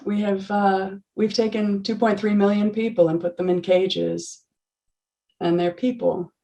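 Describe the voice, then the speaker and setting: A woman in her forties, a yoga teacher, telling an earnest, animated story on a video call with laughs and restarts. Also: medium pitch, unhurried, gravelly, highs cut off.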